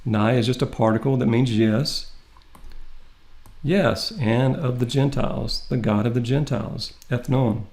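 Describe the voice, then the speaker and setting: A man teaching a Greek translation lesson. He explains the grammar step by step and reads the Greek aloud slowly. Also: mid-range voice, vocal fry, darkish tone. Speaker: Greek instructor. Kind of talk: classroom lecture.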